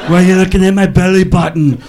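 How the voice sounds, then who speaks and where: A man's voice: high-pitched, level tone, a faint crowd. A man putting on a bellowing muscleman-actor drawl. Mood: slow cool drawl. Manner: slow, loud, shouting in panic. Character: bellowing muscleman actor impression, male, adult.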